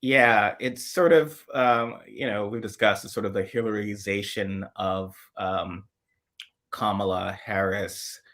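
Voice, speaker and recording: A man's voice: lowish voice, steady tone, slow pace, fairly bright tone. A man hosting a casual political chat over a video call, chatty and rambling with a playful streak. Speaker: host.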